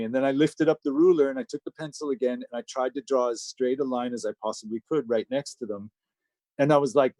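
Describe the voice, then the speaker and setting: Here a middle-aged man, a guest producer and engineer, recounts something personal, nearly crying as he goes. He talks quickly and steadily in a warm, medium-pitched voice, swearing casually and using lots of fillers. There's no room sound.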